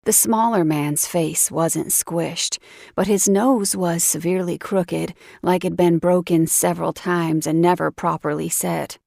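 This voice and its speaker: A woman narrating a first-person romance audiobook in an unhurried, dramatic storytelling voice. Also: on the low side, fairly even intonation, gravelly, a little mellow, dry recording, studio quality.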